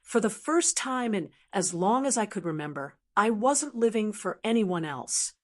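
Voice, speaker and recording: An older woman in her sixties narrates her own story in the first person. Her delivery is calm and measured, in a middle-pitched voice that stays steady.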